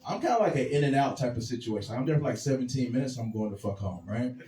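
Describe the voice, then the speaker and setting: A man's voice: medium pitch, lively intonation, fast, dark tone, reverberant, recorded from a distance. A man in his thirties doing stand-up, chatting with the crowd in a dry, sardonic way. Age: 30s. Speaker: stand-up comedian. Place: comedy club stage.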